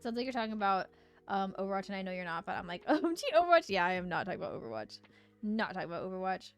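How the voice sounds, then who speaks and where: A woman's voice: medium pitch, rapid-fire, clear, resonant tone, faint music behind. A young woman chatting casually on a live game stream, bubbly and giggly as she reads chat aloud.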